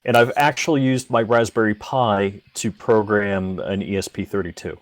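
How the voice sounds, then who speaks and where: Man, podcast guest, lower voice, eager, casual tech talk. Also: fairly even intonation, moderate pace, no echo.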